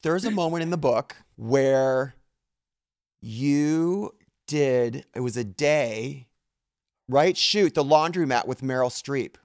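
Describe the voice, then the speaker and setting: Enthusiastic interviewer, lively pitch, dry close mic. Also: slow, no echo. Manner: enthusiastic, frequent affirming interjections. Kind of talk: conversational interview.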